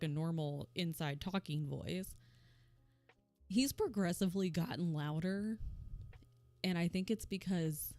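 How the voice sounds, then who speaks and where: A young woman streamer chatting casually at her home setup, soft-spoken and full of "like" and little laughs. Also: fairly low pitch, dry recording. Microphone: desk microphone.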